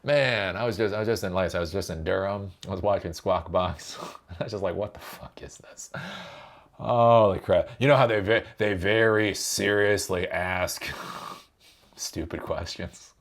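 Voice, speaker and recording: A man's voice: low voice, moderate pace. A man hosting a tech commentary channel, ranting sarcastically and with profanity and often repeating himself with a rhetorical "right?".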